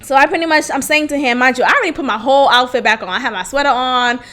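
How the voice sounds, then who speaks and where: A woman's voice: high voice, racing, sharp tone. A young woman hosting a podcast, telling a candid story in a blunt, profane way and laughing often. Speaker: podcast host.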